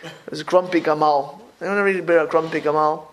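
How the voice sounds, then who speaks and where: A man teaching a Torah class as a rabbi to a room, talking in an animated way with many restarts and rhetorical questions. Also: a little high, fast, poor audio. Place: room with a live audience.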